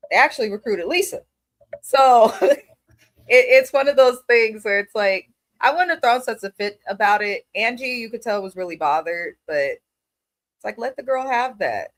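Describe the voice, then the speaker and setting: A woman's voice: a little high, lively intonation, moderate pace, dry recording. Frank woman co-host, dry sound. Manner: frank, matter-of-fact opinions. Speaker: podcast co-host. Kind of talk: casual reality-TV recap chat.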